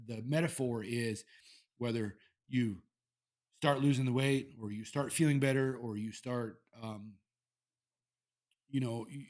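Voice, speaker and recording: Candid, swearing podcast host. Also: male voice, medium pitch. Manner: candid, profane, rambling with restarts. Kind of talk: casual solo podcast talk. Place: Iowa.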